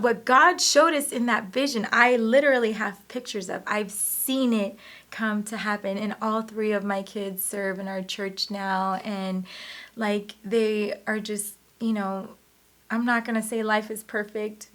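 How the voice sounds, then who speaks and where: A woman in her forties giving an earnest, emotional personal testimony in an interview. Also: mid-range voice. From United States. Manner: emotional, earnest, animated retelling.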